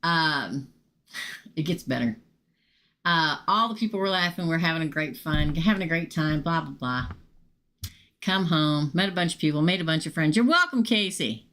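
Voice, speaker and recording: A middle-aged woman, telling a casual, animated story to viewers during a live tarot reading stream. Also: low voice, normal speed. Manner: chatty, animated, swears casually and talks straight to viewers. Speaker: tarot reader hosting a live show.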